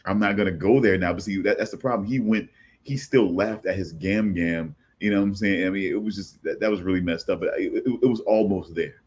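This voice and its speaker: A man's voice: sits low, fairly quick, darkish tone. A man hosting a casual podcast, rambling and stammering as he repeats himself. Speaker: podcast host.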